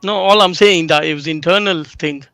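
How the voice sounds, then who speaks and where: A man debating on a live podcast panel, pressing his point and talking over others. His voice sits high and bright. It sounds close and dry. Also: moderate pace, gravelly, clear, resonant tone, no echo. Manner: argumentative, interrupting.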